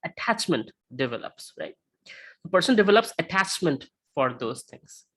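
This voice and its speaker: A man giving a lecture with slides, talking conversationally and often checking in with a quick "right?". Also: on the high side, sing-song, fairly bright tone, breathy edge. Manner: tells illustrative stories.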